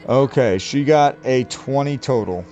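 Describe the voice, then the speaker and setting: A man's voice: medium pitch, measured pace, a little mellow, soft background music. A man playing a tabletop game, describing his character's actions hesitantly. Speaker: player.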